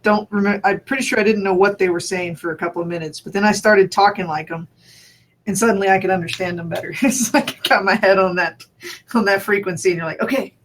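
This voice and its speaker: A man from New Mexico with a notably high speaking voice. He chats casually and rambles, thinking aloud, restarting sentences and breaking into short laughs. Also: steady tone, fast, fairly bright tone, slight background noise. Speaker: conversation partner. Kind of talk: casual chat.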